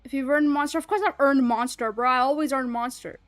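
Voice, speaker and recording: A woman's voice: high voice, steady tone, fairly quick, a bit bright, no echo, soft background music. A woman streamer in casual livestream chat, rambling and chatty and swearing freely.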